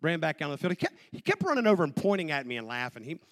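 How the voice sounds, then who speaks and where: A man in his forties sharing a personal testimony, an animated storyteller who acts out the voices of the people in his story. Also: on the high side, rapid-fire. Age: 40s.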